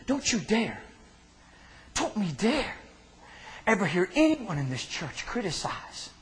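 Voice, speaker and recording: A man preaching an impassioned sermon in a church, with fervent, drawn-out delivery and answers from the congregation. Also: high-pitched, big pitch swings, a little hiss or hum, poor audio. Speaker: pastor.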